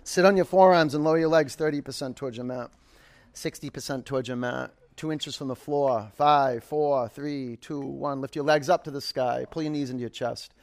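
A man's voice: mid-range voice, steady tone, moderate pace. A man leading a live yoga class, calling out counts and motivating cues, with casual storytelling asides. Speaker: yoga instructor.

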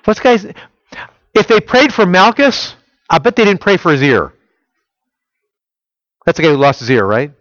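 Guy preaching a sermon, kinda high voice, keeps asking the crowd questions, dry muffled sound. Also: sing-song, normal speed, long pauses, no room sound. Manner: asks the audience rhetorical questions; swings between loud and hushed, intimate tones. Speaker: pastor.

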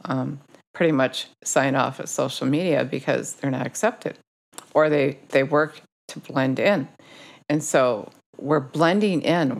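A woman's voice: sits low, creaky. A woman giving an informal sermon, urging listeners with pointed rhetorical questions. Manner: urgent, exhorting, rhetorical questions. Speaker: preacher.

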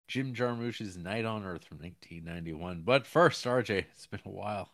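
A man's voice: lowish voice, moderate pace, hardly any pauses, a bit bright, dry recording. A man co-hosting a podcast, trading dry, jokey banter in casual chat. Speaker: podcast co-host.

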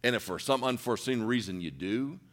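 A middle-aged man preaching a sermon, telling a personal story in an earnest, emotional way, dropping to near whispers and rising to loud peaks. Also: medium pitch, animated, brisk.

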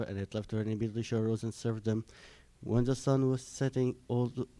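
Male gospel reader, quick steady reading, dark smooth voice. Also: lowish voice, no room sound. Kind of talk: liturgical scripture reading.

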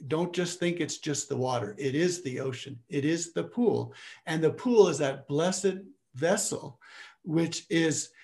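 A man's voice: fairly high pitch, a little slow, vocal fry, a little mellow. A man teaching in a lecture with questions from listeners, often restarting his phrases as he searches for words.

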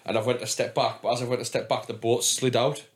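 A man's voice: mid-range voice, flat delivery, fast. A man hosting a casual podcast, chatty and self-mocking, swearing freely as he tells stories. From England. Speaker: podcast host.

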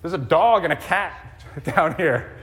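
A man in his forties preaching a conversational sermon, gently humorous, with frequent ums. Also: a little high, expressive, a little slow. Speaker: pastor. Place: church sanctuary. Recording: long reverb in a church hall.

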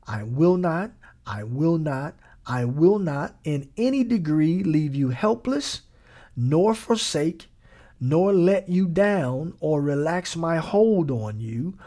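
A man's voice: on the high side, big pitch swings, slow pace, mellow. Man preaching in a casual, emphatic way. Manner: casual, repetitive, emphatic with slang. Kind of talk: conversational sermon.

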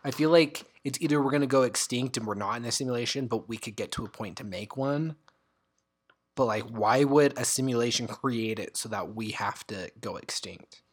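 A young woman co-hosting a casual chat, skeptical and argumentative, quick to laugh. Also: a bass voice, husky. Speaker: podcast co-host.

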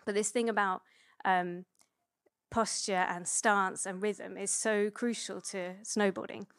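Chatty woman giving a relaxed sermon. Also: medium pitch, a little slow, no echo, clean studio sound. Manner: chatty and relaxed, with many fillers and self-corrections. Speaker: preacher. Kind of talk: conversational sermon.

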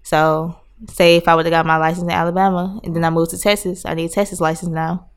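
A young woman in her twenties, a guest chatting candidly and telling animated stories. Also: lowish voice, fast talker. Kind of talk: casual chat.

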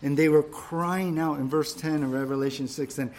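A man's voice: on the high side, steady tone, moderate pace, a little mellow. A man preaching a sermon, emphatic and repetitive, often checking in with the listeners. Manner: emphatic, repeats phrases, frequent "right?" checks. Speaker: pastor.

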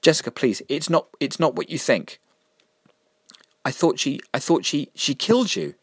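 A man reading a story aloud, voicing a flustered, defensive older gentleman who stammers and snaps back. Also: lowish voice, moderate pace, dry recording, clean studio sound, lightly acted. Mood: pleading. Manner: pleading then indignant, stammering.

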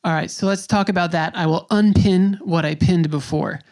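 A man's voice: high voice, fairly even intonation, normal speed, darkish tone. A man from New York City hosting a podcast, chatting in a rambling way and laughing easily. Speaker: podcast host. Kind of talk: casual interview chat.

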